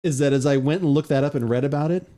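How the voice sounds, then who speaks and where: A man's voice: on the high side, rapid-fire, warm tone. A man hosting a podcast, chatty and joking in casual conversation. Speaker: podcast host.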